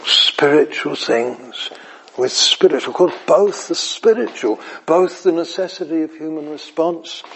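Delivering an evening sermon, this man has a fairly high voice with a slight hiss or hum on the recording. He's animated, swinging between emphatic repeated phrases and near-whispers, chuckling as he asks the audience whether he's making sense.

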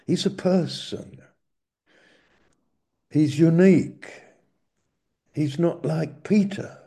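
Slow, dark-voiced male preacher. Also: on the high side, creaky. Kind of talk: sermon.

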